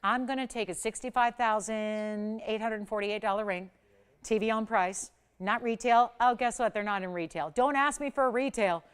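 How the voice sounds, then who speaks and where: Chatty woman host pitching jewelry. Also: smooth. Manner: chatty, emphatic, quick sales patter. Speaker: jewelry shopping channel host. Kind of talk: live shopping auction pitch.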